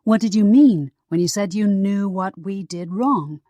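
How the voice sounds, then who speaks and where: A woman's voice: mid-range voice, unhurried, warm tone, dry recording, voice pushed up, lightly acted. A woman voicing a practical, matter-of-fact adult sister in an audiobook.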